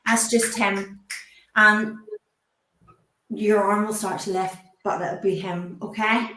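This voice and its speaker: Lady medium, soft halting reassuring talk, middle pitch, echoey room. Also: fairly even intonation, a little hiss or hum. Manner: halting, gently reassuring, asks permission often. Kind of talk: live mediumship demonstration. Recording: roomy echo.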